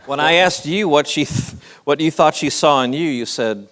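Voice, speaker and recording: A man's voice: a little high, moderate pace, heavy background noise. A man hosting a church talk-show segment and preaching, joking and putting on voices in his stories. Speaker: pastor and show host. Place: church event stage.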